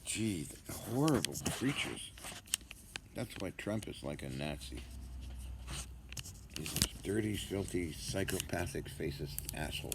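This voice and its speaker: Deep-voiced older man rambling bluntly. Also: lively intonation, measured pace, gravelly, long pauses. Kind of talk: rambling casual vlog monologue. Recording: noisy background hiss.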